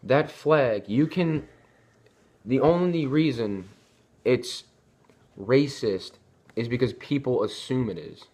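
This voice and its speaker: A man's voice: medium pitch, takes it slowly, long pauses, a little mellow. A young man talking casually to camera, rambling and often restarting his sentences. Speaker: vlogger. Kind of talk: casual opinion talk.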